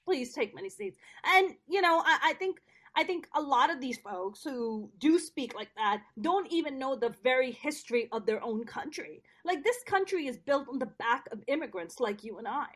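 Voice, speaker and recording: A woman from Pakistan, a guest in a casual interview, telling stories in an animated, joking way. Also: high-pitched, moderate pace.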